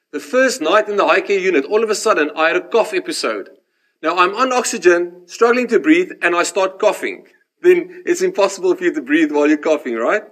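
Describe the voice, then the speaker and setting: A man delivers a sermon through his own story. His voice sits fairly high. He gets animated at the dramatic moments and drops to a hush when he turns reflective. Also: fairly quick. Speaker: preacher. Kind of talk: sermon with personal testimony.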